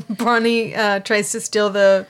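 A woman's voice: medium pitch, flat delivery, slow, smooth. A woman co-hosting a podcast, chatting casually with short agreeing replies and hesitant fillers. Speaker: podcast co-host.

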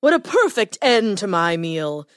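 A woman voicing a big, drowsy male lion who is lazy and amused, speaking in a slow, lordly drawl. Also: mid-range voice, sing-song, a bit bright, smooth, no echo, studio quality. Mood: smug.

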